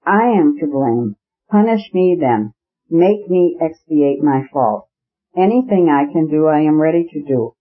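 A man's voice: fairly high pitch, animated, unhurried. A man reading the part of a guilty husband begging forgiveness, timid and tearful, in a muffled lo-fi recording. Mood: pleading. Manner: pleading, tearful. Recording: muffled lo-fi audio.

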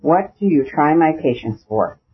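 A man reading an audiobook, voicing a proud young nobleman who talks deliberately while holding back his anger, on a dull lo-fi recording. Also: fairly high pitch, expressive. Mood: restrained anger.

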